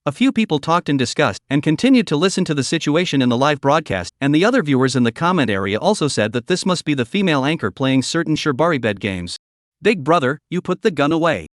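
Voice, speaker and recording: A man narrating a story recap in a steady, even, scripted reading. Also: a little high, fast talker, few pauses, dry recording, clean studio sound.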